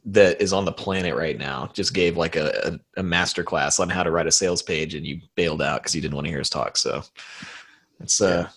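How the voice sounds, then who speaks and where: Deep husky man, easygoing co-host. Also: fairly quick, a bit bright. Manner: laughs often, talks in loose restarts. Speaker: podcast co-host. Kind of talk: casual chat.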